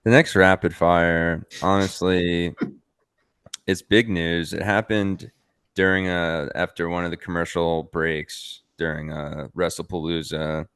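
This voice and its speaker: Deep-voiced man rambling on a podcast. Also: steady tone, measured pace, fairly bright tone, smooth, no echo, clean studio sound. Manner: rambling, sprinkles in "like" and swearing. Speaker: podcast co-host. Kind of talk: casual podcast chat.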